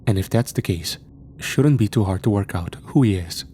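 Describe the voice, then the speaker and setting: Dark-voiced man narrating a horror story. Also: fairly low pitch, moderate pace, a little hiss or hum.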